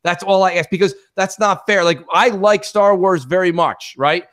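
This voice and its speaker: A man's voice: high voice, moderate pace, a bit bright. A man co-hosting a casual gaming podcast, talking animatedly and acting out mocking voices of fans. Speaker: podcast co-host.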